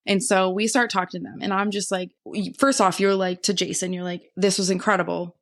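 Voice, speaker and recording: A woman co-hosting a podcast, telling a story in animated casual chat, swearing freely and acting out what people said. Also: medium pitch, a little fast. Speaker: podcast co-host.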